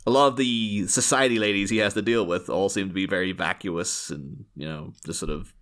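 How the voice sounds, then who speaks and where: A man's voice: low-pitched, fairly even intonation, brisk, fairly bright tone. A man co-hosting a podcast, chatting casually about a film and slipping into playful impressions of characters. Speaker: podcast co-host.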